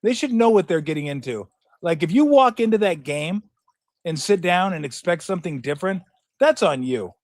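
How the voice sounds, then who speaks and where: Casual: fired up sports talk guy cussing a lot, rambly, kinda high voice, dry room. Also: lively intonation, a little fast, no room sound. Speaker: sports radio host.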